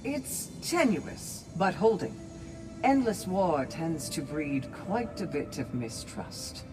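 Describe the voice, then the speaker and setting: Sigrun, a calm warrior woman. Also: low voice, slow, music in the background, exaggerated voice, low-quality recording. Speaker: game character. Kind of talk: game dialogue.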